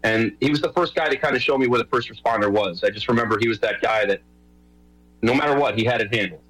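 A middle-aged man from New York chats as a guest over a radio line. His pitch sits mid-range. He talks loosely and rambles, with plenty of fillers and restarts. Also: fast talker, a bit bright, slightly rough, rough recording. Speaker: guest, show host and rowing coach. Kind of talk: casual radio interview.

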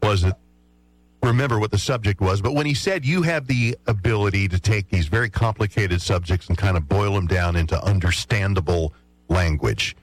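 A man co-hosting a radio talk show, chatting casually with many pauses and restarts. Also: lowish voice, rough recording. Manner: hesitant, full of fillers and restarts. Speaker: radio co-host. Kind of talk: casual on-air chat.

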